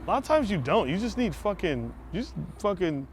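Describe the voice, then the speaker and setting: A man, a comedian, chatting casually outdoors on a street, animated and profane, acting out the people he quotes. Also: sits high, brisk, slight background noise. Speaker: comedian guest. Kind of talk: casual chat.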